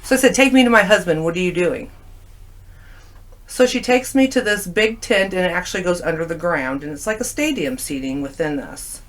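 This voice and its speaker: A woman guest in casual conversation, telling stories animatedly and acting out what people said. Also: fairly low pitch. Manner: animated storyteller, acting out quoted lines. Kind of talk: casual chat.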